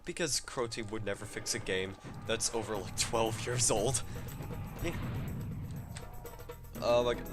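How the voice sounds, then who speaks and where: A young man giving playful commentary over a shooter game, swinging between excited outbursts and mock-calm asides. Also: medium pitch, unhurried, long pauses. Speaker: gaming commentator. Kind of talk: casual let's-play commentary. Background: game music.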